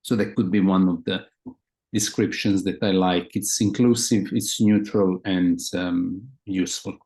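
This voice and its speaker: A man with a somewhat low voice answers questions as a guest therapist. He explains slowly and thoughtfully, stopping often and repeating words as he searches for them. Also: steady tone, dark tone. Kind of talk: conversational explanation.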